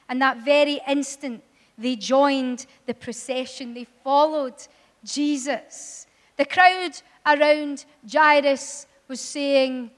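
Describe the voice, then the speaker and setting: A woman preaching a sermon in a church, impassioned and building to loud, emphatic appeals. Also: high voice. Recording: long hall reverb.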